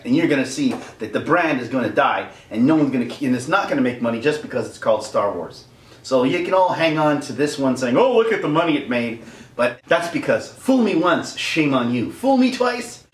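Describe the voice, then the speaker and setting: A man ranting to camera in a vlog, exasperated and rambling, with many restarts. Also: medium pitch. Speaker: YouTuber. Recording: roomy echo.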